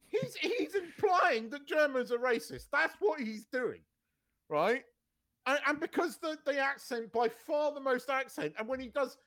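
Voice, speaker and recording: A man's voice: very high voice, big pitch swings, normal speed, a bit bright. A man co-hosting a podcast in casual chat, ranting hard, swearing and repeating himself. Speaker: podcast co-host.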